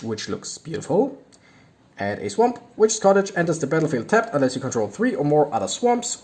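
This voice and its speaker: A young adult man casually reading card text aloud while opening card packs, breaking into excitable reactions. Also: high voice.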